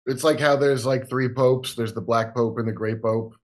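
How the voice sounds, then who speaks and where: A man's voice: medium pitch, moderate pace. Emphatic man in casual chat. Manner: animated, emphatic, conspiratorial. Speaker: guest.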